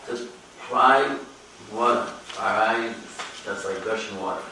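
A man's voice: slow pace, sharp tone, a little hiss or hum. Man preaching in an echoey hall. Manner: rises and falls in pitch, chanting Hebrew quotes. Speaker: rabbi. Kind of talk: Torah lecture. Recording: echoey hall, mic at a distance.

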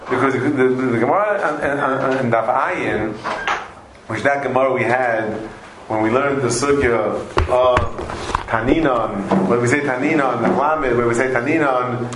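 A man teaching a Talmud class to students, animated and repetitive, mixing Aramaic and Hebrew terms into his English. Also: mid-range voice. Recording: echoey room, faint noise.

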